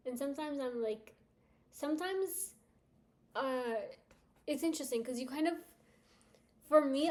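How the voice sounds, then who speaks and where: Woman, livestreamer, casual chat, rambling, laughs a lot, fairly high voice. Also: a little mellow. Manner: chatty, rambling, laughs often.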